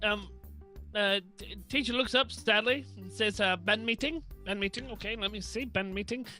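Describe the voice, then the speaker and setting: A man's voice: sits high, normal speed, pushed and bright, soft background music. A man improvising a brash, scheming young New Zealander with a put-on New Zealand accent, stammering and trading insults. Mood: blustery. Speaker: podcast co-host. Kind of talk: improvised comedy role-play.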